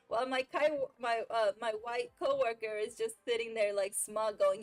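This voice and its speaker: A young woman with a fairly high voice, chatting casually on a gaming stream. She tells a rambling story full of fillers and little laughs. Game music runs faintly behind her. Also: moderate pace, hardly any pauses. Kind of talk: casual chat while gaming.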